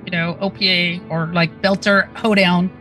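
A woman's voice: lowish voice, flat delivery, normal speed, pushed and bright, faint music behind. A woman playing a character in a tabletop role-playing game, hesitant, with many fillers. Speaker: player.

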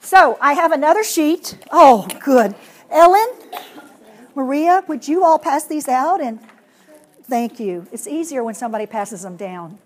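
A woman giving a workshop to teachers, animated and acting out children's voices as she explains. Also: sits high, unhurried, a little hiss or hum. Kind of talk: classroom workshop talk.

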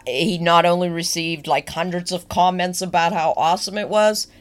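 A woman's voice: lowish voice, fairly even intonation, moderate pace. A young woman co-hosting a podcast, chatting casually and telling feel-good news stories with enthusiasm. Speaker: podcast co-host. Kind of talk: casual chat.

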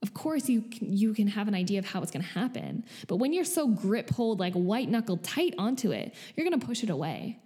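A young woman hosts her own podcast and talks straight to her listeners in a loose, chatty way. Her voice is warm and mellow, with a middle pitch, and she keeps the energy up. She drops into quick little impressions of other people when she makes a point. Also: very animated. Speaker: podcast host. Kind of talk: casual spiritual podcast monologue.

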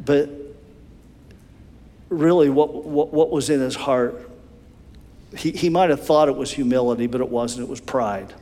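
Pastor preaching in an echoing hall. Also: male voice, mid-range voice. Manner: animated storytelling, repeats words. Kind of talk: sermon. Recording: long hall reverb.

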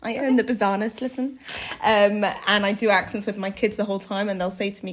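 A woman, hosting a podcast in a casual, bubbly way that is quick to laugh. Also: medium pitch, little pitch movement. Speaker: podcast host. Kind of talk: casual chat.

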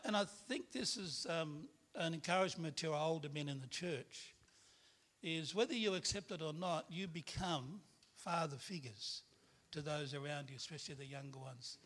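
A man's voice: a little high, a bit bright. A middle-aged man, a guest preacher giving a candid personal testimony sermon, laughing at himself as he tells it. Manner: candid storytelling with self-deprecating laughs.

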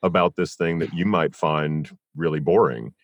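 A man hosting a casual podcast interview, speaking in a measured, thoughtful way. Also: extremely low pitch, steady tone, dry recording. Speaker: podcast host.

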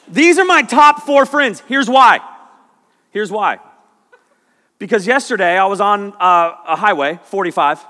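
A middle-aged man preaching and telling jokes as a youth pastor, full of animated stories. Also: high-pitched. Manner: animated, joking storyteller. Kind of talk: sermon. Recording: long hall reverb.

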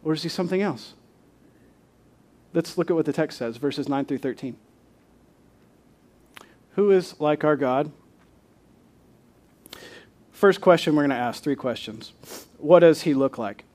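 A man's voice: fairly high pitch, measured pace, long pauses, darkish tone. A male pastor preaching a sermon, building to emphatic rhetorical questions and reading scripture aloud.

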